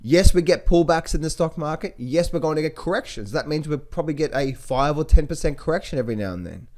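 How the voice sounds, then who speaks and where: A man talking casually about markets to viewers, animated, repeating words and mimicking other people's voices. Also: fairly high pitch, quick pace. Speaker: trading educator. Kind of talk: casual market commentary to camera.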